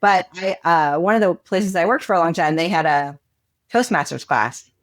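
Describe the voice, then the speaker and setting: A woman guest on a podcast, telling stories in a chatty, expressive way with plenty of fillers. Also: fairly low pitch, normal speed. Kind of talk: casual interview chat.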